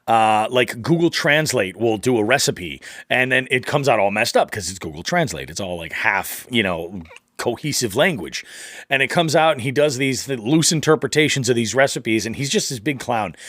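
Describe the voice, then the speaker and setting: An upbeat middle-aged man hosts a casual fishing podcast in a dry, close-miked sound. He rambles along, circling back with fillers as he talks at a mid pitch. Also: animated, normal speed, fairly bright tone, no echo. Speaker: podcast host.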